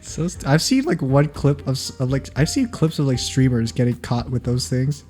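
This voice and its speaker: A man's voice: mid-range voice, sing-song, moderate pace, darkish tone, faint music behind. Rambling man in casual podcast chat. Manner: rambling, filler-heavy storytelling with many restarts. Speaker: podcast co-host.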